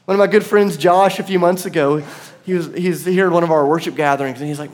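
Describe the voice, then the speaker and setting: Male pastor, sermon delivery, animated storyteller, slightly higher voice. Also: fast. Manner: animated storytelling, acts out quotes, laughs. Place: church.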